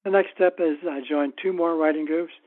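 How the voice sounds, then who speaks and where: Guy author telling wry stories in an interview, kinda high voice, sounds like a phone line. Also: steady tone. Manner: anecdotal, unhurried, wry. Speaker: author guest. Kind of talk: casual interview storytelling.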